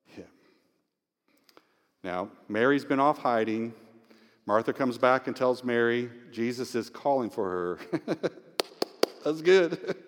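An emotional male pastor delivering an Easter sermon, mid-pitched, dropping to hushed tones and then rising close to a shout. His voice carries a long reverb, the sound of a church sanctuary. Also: lively intonation, measured pace, long pauses. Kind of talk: Easter sermon with scripture reading.

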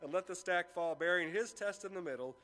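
A man's voice: sits high, brisk, fairly bright tone. A man giving a sermon as a pastor, telling a story with acted-out dialogue before turning to scripture. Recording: long reverb of a large room.

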